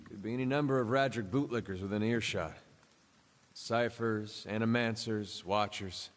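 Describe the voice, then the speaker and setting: A big, smirking man, as an actor plays him in a fantasy game, talking dry and unhurried with a sardonic edge. His voice is fairly low, and a long reverb trails each phrase. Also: natural voice. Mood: wry. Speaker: game character.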